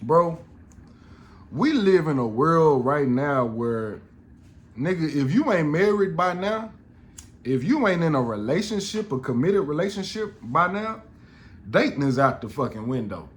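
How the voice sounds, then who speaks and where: A man's voice: a little high, big pitch swings, measured pace. A middle-aged man, telling a story on a podcast in an exasperated, profane rant full of restarts. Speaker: podcast host.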